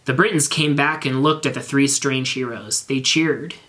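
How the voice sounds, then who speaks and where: A man reading bad fan fiction aloud in a measured, straight-faced narration. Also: medium pitch, a bit bright.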